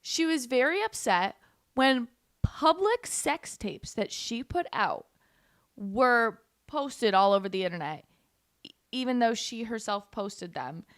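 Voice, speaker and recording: A woman's voice: fairly high pitch, big pitch swings, slow pace, fairly bright tone, no room sound, clean studio sound. A young woman from Canada, guest hosting a casual political commentary livestream in a sarcastic, giggly, chatty way and talking to viewers in the chat. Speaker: guest host.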